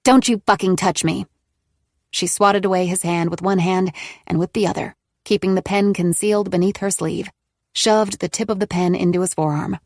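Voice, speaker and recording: A woman narrating a thriller audiobook in a steady, even storytelling manner. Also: lowish voice, moderate pace, dry recording, clean studio sound. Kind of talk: scripted narration.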